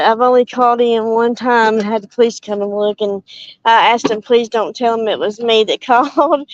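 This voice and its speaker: A woman's voice: a little high, dull audio. A woman chatting casually with live viewers from her car, rambling and breaking off with laughs, a little out of breath. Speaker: channel host. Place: in a car while driving. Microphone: headphones with mic.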